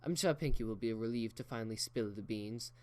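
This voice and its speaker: A man's voice: on the low side, fairly quick, a little mellow, natural voice. A man voicing an elegant, proper unicorn mare who speaks in a genteel, theatrical way. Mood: breezy.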